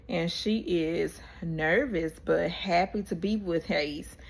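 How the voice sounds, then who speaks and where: A woman vlogger recapping a reality show episode in casual, animated storytelling, acting out what people said. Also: mid-range voice. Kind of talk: casual chat.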